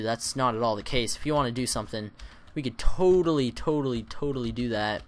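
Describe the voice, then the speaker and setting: A man hosting a Let's Play, chatting casually and rambling through his gameplay with self-mocking, excitable asides. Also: mid-range voice, a little fast, few pauses. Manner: lively, excitable exclamations.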